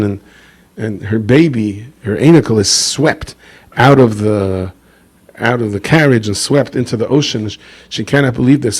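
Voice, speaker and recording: A man's voice: mid-range voice, darkish tone. A man giving a rabbi's talk, telling stories, acting out the voices of the people in them and putting asides to his listeners. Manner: storytelling, acts out quoted voices, asides to listeners. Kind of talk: sermon with anecdotes.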